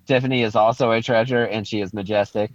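A man's voice: fairly low pitch, steady tone, fast, no room sound, faint music behind. A man in his thirties co-hosting a casual podcast, goofy and swearing freely, often slipping into joke voices. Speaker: podcast co-host. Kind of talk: casual chat. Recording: dull lo-fi dry sound.

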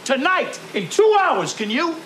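A man's voice: extremely high pitch, big pitch swings, measured pace, a bit bright, a little hiss or hum, heavily acted. An actor playing a ruthless, domineering sales boss, berating his salesmen in a harsh, swaggering film scene. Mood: contemptuous. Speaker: film character. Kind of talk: film drama acting.

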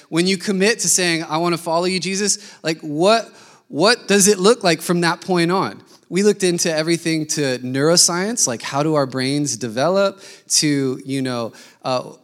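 A man preaching a sermon, telling a lively story and acting out the people in it. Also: a little high. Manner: animated storytelling, acting out quoted voices. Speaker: pastor.

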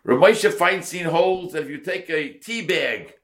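A man's voice: a little high, lively intonation, a little slow, fairly bright tone. A man teaching a Torah class as a rabbi, translating verse by verse and repeating words for emphasis.

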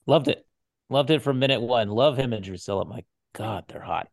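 A woman's voice: very deep voice, vocal fry, darkish tone, no echo. Eager woman guest, dry close sound. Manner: eager, quick short agreements. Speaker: podcast guest. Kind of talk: casual fan discussion.

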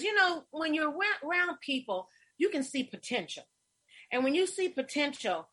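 A middle-aged woman hosting a casual interview, telling stories with warmth and getting emotional, her voice husky. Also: on the high side. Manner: effusive, storytelling, emotional. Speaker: host.

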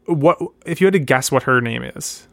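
A man's voice: medium pitch, lively intonation, moderate pace, creaky, fairly bright tone, no echo. A man co-hosting a podcast in casual chat, rambling and self-mocking with many restarts. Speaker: podcast co-host.

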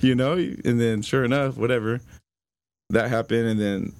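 A young man telling a personal story on a podcast in a halting, casual way, with lots of fillers and some swearing. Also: medium pitch, fairly even intonation, a little mellow, clean tone. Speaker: podcast guest.

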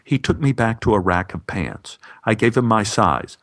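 A man tells a personal story for a podcast in a low voice. His delivery is dry and wry, landing the jokes without fuss. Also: expressive, normal speed, a bit bright.

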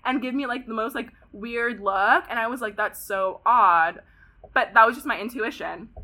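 A woman of about twenty from Pasadena, California, telling a story as a podcast guest in an animated way, saying "like" constantly and swearing often. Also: a little high. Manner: animated, heavy use of "like", frequent swearing. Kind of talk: casual storytelling interview.

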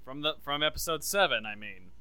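Bright, crisp-voiced man chatting. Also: lively intonation, fairly quick, no room sound. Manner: rambling, enthusiastic, pitches fan ideas. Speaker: podcast co-host. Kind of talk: casual chat.

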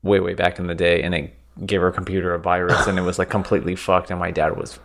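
A man's voice: deep voice, little pitch movement, quick pace, creaky, a bit bright. A man co-hosting a podcast, talking in loose, rambling casual chat with lots of fillers and casual swearing. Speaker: podcast co-host.

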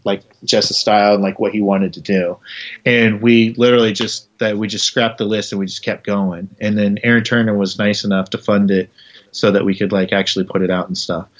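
A man's voice: lowish voice, lo-fi sound. A man, a musician guest in a casual interview, rambling through stories with lots of filler words.

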